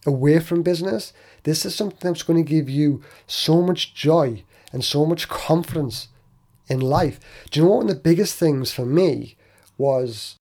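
A man with a slightly high, husky voice hosts a solo motivational podcast. His tone is warm and mellow, and he talks earnestly into the mic, often repeating himself or restarting a sentence before pushing on. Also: normal speed. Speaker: podcast host.

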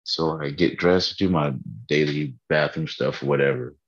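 A man's voice: extremely low pitch, steady tone, unhurried, slightly rough, highs cut off. A tired man in a casual faith vlog, earnestly rambling about his morning prayer from his bedroom. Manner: earnest, rambling, laughs at himself.

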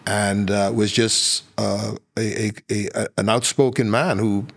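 A man's voice: on the low side, fairly even intonation, unhurried. An older man from the Bahamas with a Bahamian accent, telling anecdotes as a podcast guest, full of fillers and restarts. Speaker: guest, former politician. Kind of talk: podcast interview storytelling.

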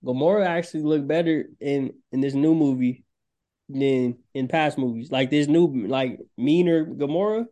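Joking male co-host for a casual movie podcast, voice sits a bit high. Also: moderate pace. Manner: joking, animated, laughs often. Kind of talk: casual chat.

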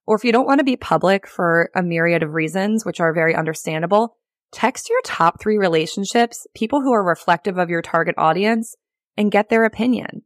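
A woman's voice: lowish voice, a little fast, dry recording, studio quality. A woman hosting a solo podcast, teaching in a chatty, upbeat way with frequent laughs and filler words. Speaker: podcast host and real estate agent.

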